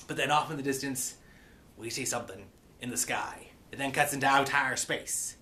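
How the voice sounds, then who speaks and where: Bright-voiced male reviewer, casual and rambling, playful pirate persona. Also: medium pitch. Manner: rambling, with many fillers and a playful pirate growl. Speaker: cartoon episode reviewer. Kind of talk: casual episode recap.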